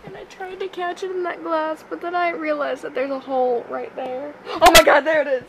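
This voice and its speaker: A woman's voice: high voice, fairly even intonation, fairly quick. A young woman filming herself with a phone in her bedroom, panicking and laughing nervously as she talks. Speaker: vlogger. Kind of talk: casual phone video. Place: bedroom at night. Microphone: phone camera. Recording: noisy home phone recording.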